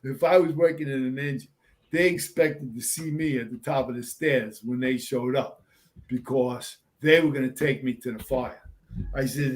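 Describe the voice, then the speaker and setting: A man in his sixties, a veteran fire captain, telling war stories as a podcast guest in a lively, profane way. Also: medium pitch, measured pace, long pauses. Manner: animated, profane storyteller. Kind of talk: casual storytelling in an interview.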